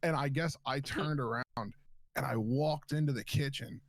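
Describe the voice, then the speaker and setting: A young man chats casually and tells a long story, cursing freely and stumbling through fillers. His voice sits at a middling pitch and is recorded close and dry, with no room sound. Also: normal speed, no echo. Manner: swears a lot, animated storyteller with many fillers.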